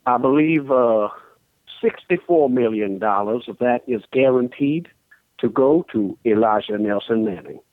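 A man's voice: medium pitch, a little slow, no echo, close to an everyday voice. A man playing a genteel, grandiose Southern caller with a Mississippi accent, talking in formal, flowery phrases. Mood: pompous. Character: pompous genteel Southern man, football star's cousin. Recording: phone line.

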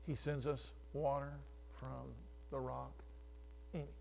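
A male pastor preaching a sermon, calling on congregants by name and swinging from hushed asides to shouts. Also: medium pitch, level tone, measured pace, vocal fry, in a large hall, slight background noise.

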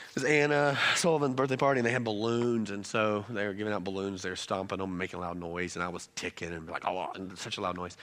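A pastor in his thirties tells a family story during his sermon, moving between quiet, low asides and loud, animated stretches.

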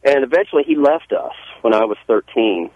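A man's voice: mid-range voice, animated, brisk, a little mellow, slight background noise. A man with a Southern US accent, a pastor telling his life story in a radio interview, earnest and folksy, often restarting his sentences. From Southern US (Georgia). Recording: dry, phone-like radio line.

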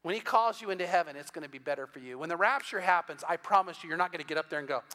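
A man's voice: fairly high pitch, rapid-fire, bright, forceful tone, long reverb tail. A man preaching an evening sermon as pastor, earnest and emphatic, often repeating words and voicing what listeners might say.

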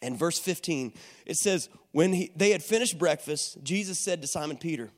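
A man's voice: sits high, brisk, long reverb tail. A man preaching a sermon in a conversational way, often asking the audience questions. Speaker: pastor.

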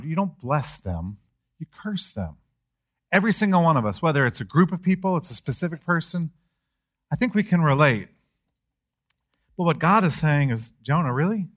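A middle-aged male pastor delivering a sermon in a slightly higher-than-usual voice. He preaches with animation, rising in pitch and force as he acts out the speakers of the text. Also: a bit bright.

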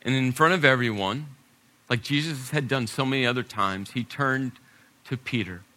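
A male pastor preaching a sermon, dramatic, shifting between loud and hushed passages and acting out quotes. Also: medium pitch, normal speed.

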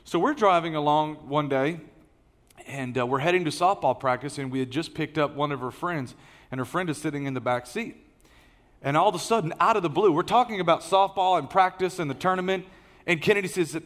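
His voice is a little high, fairly quick, and fairly bright. A middle-aged man serving as lead pastor gives a folksy, conversational sermon marked by frequent fillers and restarts, recorded in a large church auditorium where a long hall reverb hangs on every phrase.

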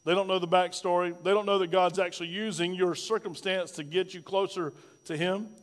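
A man's voice: high voice, steady tone, fairly quick, in a large hall. A male pastor preaching a sermon, asking the congregation rhetorical questions and telling a personal story.

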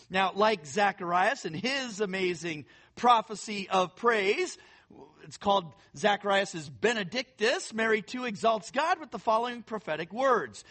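A man preaching a sermon, reading scripture aloud and talking to his listeners in a conversational, animated way. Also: high voice, measured pace. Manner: conversational, addresses listeners as friends; animated, puts on quoted voices while reading. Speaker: pastor.

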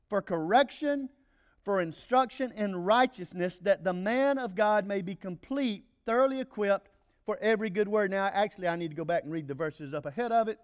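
High-voiced preaching man. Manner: animated preaching with playful asides. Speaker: pastor. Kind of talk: sermon.

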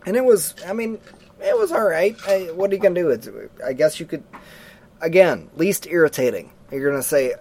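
A man co-hosting a casual movie review chat, animated and mocking, acting out quotes from the film. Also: fairly high pitch, brisk. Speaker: podcast co-host.

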